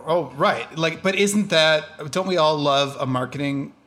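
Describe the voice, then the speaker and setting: A man in casual chat, talking quickly and saying "like" often. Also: on the high side, fairly bright tone. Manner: quick, chatty, says "like" often.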